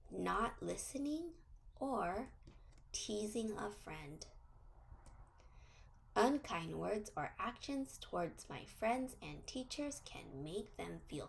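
A woman teaches preschoolers through a social story, her delivery sing-song and gently encouraging. She speaks very slowly, drawing out each phrase. A heavy gravelly fry runs through her voice. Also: mid-range voice. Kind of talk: social story read to young children.

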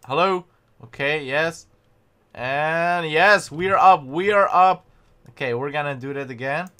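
A young man giving excitable, panicky gameplay commentary and often mocking his own mistakes. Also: on the high side, a little slow, smooth. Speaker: gaming channel host.

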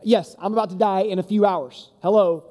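Man doing a casual, patient teacher figure, fast and matter-of-fact, high warm voice. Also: fairly even intonation, close to an everyday voice. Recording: long reverb of a large hall.

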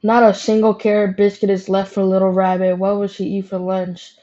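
A woman as little boy fox, storybook kid, earnest, flat delivery, mellow tone, lo-fi. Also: mid-range voice, normal speed, lightly acted. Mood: guilty. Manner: earnest, tearful pleading. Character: young male fox, fibbing then remorseful.

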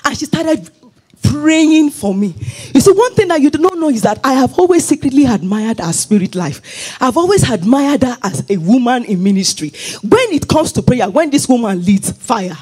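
Woman pastor, husky, fervent sermon, lively swooping delivery, half-sung lines. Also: high voice, normal speed. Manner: fervent preaching that slides into sung phrases. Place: church.

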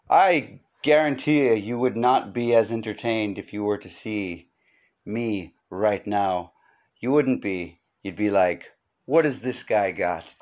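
A man with a fairly low voice talks unhurriedly through a rambling comedic podcast monologue. He drifts between wry jokes and throwaway asides, with plenty of ums and uhs along the way. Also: darkish tone. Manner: wry, joking asides with frequent fillers. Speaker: podcast host.

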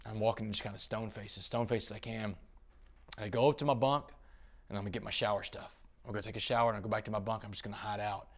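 Middle-aged man, gravelly, animated interview storyteller. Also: on the low side, quick pace. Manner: animated storyteller, quotes others, swings loud and soft. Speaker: podcast guest.

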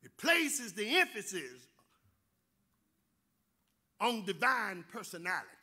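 High-pitched preaching man, slow and shouting. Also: big pitch swings, breathy edge. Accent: Southern American. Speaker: pastor. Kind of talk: sermon. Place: church.

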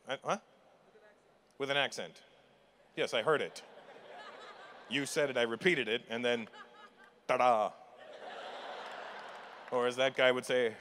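A man's voice: medium pitch, bright, forceful tone, a little hiss or hum. A man doing stand-up crowd work at a live show, teasing audience members in a playful way and laughing often. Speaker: stand-up comedian. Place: large live comedy venue with audience.

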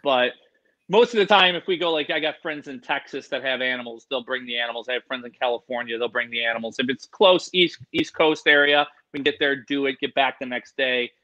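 A man, an animal expert, telling rambling, animated stories in a casual interview. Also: medium pitch, fairly quick, muffled recording.

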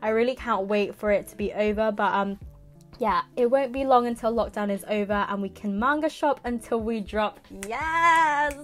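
A young woman, unboxing a parcel in a casual vlog, giddy and excitable with exaggerated reactions. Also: medium pitch, normal speed, soft background music. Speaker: manga vlogger.

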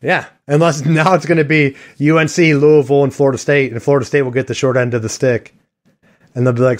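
A man's voice: medium pitch, steady tone, fast talker. A man hosting a sports podcast, rambling and joking in casual chat with a co-host.

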